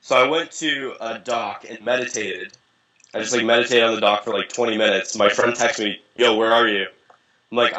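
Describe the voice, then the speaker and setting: A man's voice: medium pitch, normal speed, dull audio. A young man, a guest in an interview, telling casual, profane anecdotes and acting out what people said. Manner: animated, profane, acts out quoted voices. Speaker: interview guest, dating coach. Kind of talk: casual storytelling.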